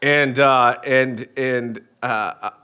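A man's voice: medium pitch, steady tone, extremely slow, pushed and bright, clean tone. Joking preacher man, many restarts. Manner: casual, joking, many restarts, asks the crowd. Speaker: pastor. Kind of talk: sermon.

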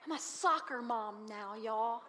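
Woman preacher, high and bright, playful and emphatic, with a long church-hall reverb. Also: measured pace. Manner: lively, humorous, emphatic and repetitive. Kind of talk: sermon.

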